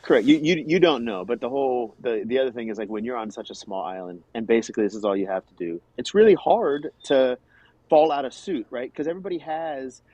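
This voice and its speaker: A man from the United States, a podcast guest, explaining things in a halting way with frequent restarts. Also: mid-range voice, dark tone, no echo, muffled recording. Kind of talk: casual chat.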